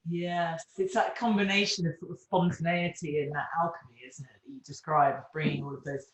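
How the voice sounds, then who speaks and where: A man's voice: on the high side, steady tone, fairly quick, a bit bright, echoey room, poor audio. A man interviewing, thoughtfully summing up what he has heard. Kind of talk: conversational interview.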